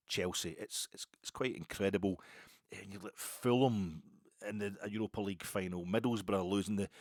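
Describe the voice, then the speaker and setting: A man's voice: low-pitched, no room sound. A man hosting a podcast, talking in a rambling, chatty, wry way with many asides and restarts. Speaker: podcast host. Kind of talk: casual football podcast monologue.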